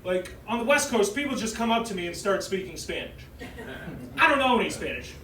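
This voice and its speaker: Young male stand-up, Massachusetts accent, brash and animated, voice sits high, roomy stage sound. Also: brisk. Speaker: stand-up comedian. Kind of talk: stand-up set. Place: comedy club stage. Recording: roomy club sound from far off with audience noise. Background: audience laughter.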